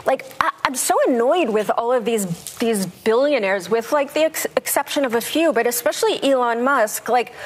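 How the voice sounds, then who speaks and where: A woman's voice: a little high, moderate pace, hardly any pauses. A woman on a talk show panel, rambling with many fillers, studio audience behind her.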